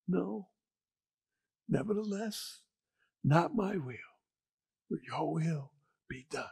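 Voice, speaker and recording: Emotional preacher, man, highish voice. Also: animated, takes it slowly, vocal fry, pauses often, husky. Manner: emotional, swinging from hushed near-whispers to loud exclamations; earnest, preaching and reading scripture aloud. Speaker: pastor. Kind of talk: sermon.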